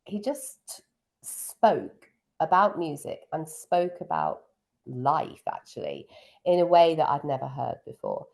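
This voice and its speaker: Gravelly low woman reminiscing. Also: sing-song, slow, a little mellow. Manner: fond, reminiscing, frequent ums. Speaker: piano teacher and pianist. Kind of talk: casual interview chat.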